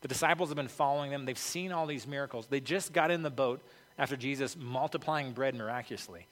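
A pastor speaks quickly in a slightly bright, medium-pitched voice. His sermon is conversational and informal, studded with "okay" and "like," and the hall it's recorded in is reverberant.

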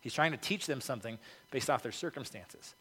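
In a reverberant hall, a pastor delivers an informal, conversational sermon sprinkled with "okay" and "like." His mid-range voice is husky and sharp-toned, brisk, with lively intonation.

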